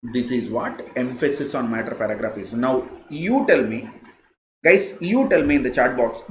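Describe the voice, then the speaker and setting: Male teacher, Indian English accent, lively pitch, repeats phrases, echoey room. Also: normal speed. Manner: repeats key phrases, emphatic, conversational. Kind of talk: live online lecture. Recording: echoey room, faint noise.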